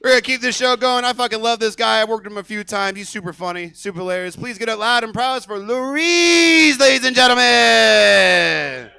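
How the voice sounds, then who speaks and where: A man emceeing a comedy show, loudly hyping up the crowd between acts. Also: very high voice, expressive, moderate pace, vocal fry, few pauses, clear, resonant tone. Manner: loud, hyped-up, cheering the crowd on. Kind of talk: introducing comics on stage.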